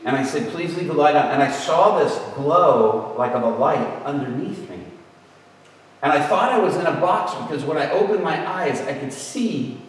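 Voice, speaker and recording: With a rather high voice, lively intonation, and normal speed, this preacher shares a personal story during a sermon, voicing the people he quotes with dramatic leaps in pitch. The recording comes from a distance in a large, echoey event hall.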